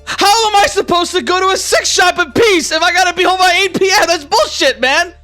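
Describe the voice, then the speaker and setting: A man voicing a panicking male citizen who shouts in a shrill, high voice. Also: brisk, soft background music. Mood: outraged. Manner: high-pitched, shouting, outraged.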